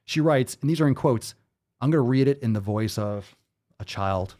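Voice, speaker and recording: A man's voice: medium pitch, lively intonation, moderate pace, mellow. A man hosting a fitness show, ranting with sarcastic, profane disbelief in live-stream commentary. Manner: sarcastic, profane, incredulous rants.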